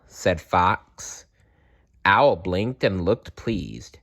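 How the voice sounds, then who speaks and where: Male storyteller, slow and very expressive, bright voice, kids' story. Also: deep voice, creaky. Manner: slow, expressive reading with small self-corrections. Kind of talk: children's story read-aloud.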